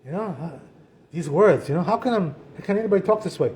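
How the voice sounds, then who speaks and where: A rabbi gives a loose, conversational talk to a room of listeners, leaning on "you know" and "right?" at every turn. His voice sits fairly high for a man, and he jumps into animated little impressions to make a point. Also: fast talker. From Israel. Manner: chatty, peppers speech with "you know" and "right?"; animated, acts out quoted voices. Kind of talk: informal Torah talk.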